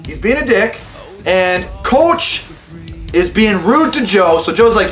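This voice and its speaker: A man's voice: sits high, very animated, takes it slowly, a bit bright, roomy sound, faint music behind. A young man hosting a gaming channel, giving sarcastic let's-play commentary and talking back to an in-game coach.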